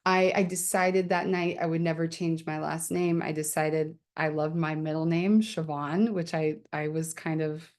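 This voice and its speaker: A woman's voice: low voice, little pitch movement, normal speed, few pauses, darkish tone. A woman poet hosting her book launch on a video call, talking casually and candidly with lots of fillers and laughter. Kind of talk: casual chat.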